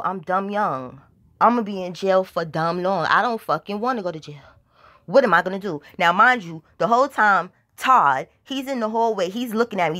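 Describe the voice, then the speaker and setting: A woman's voice: mid-range voice, pushed and bright. A woman telling a casual storytime, profane and emphatic, often checking that the listener understands. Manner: profane, emphatic, keeps asking "you understand?". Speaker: vlogger.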